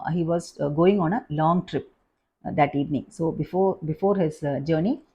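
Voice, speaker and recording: A woman teaching a devotional lesson, telling a scripture story in a halting, pausing way. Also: lowish voice, gravelly, warm tone, breathy edge. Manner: halting, with frequent pauses and fillers. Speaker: spiritual teacher.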